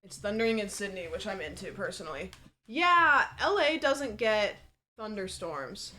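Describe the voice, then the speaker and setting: A woman's voice: mid-range voice, animated, normal speed, sharp tone. A woman livestreamer chatting casually from a home setup, rambling and peppered with fillers and swearing.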